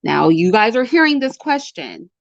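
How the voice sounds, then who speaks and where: A woman's voice: a little high, sing-song, normal speed, gravelly, no echo, dull audio. A woman, hosting her own commentary channel and speaking to her audience with emphatic, repeated warnings. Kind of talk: direct-to-camera commentary.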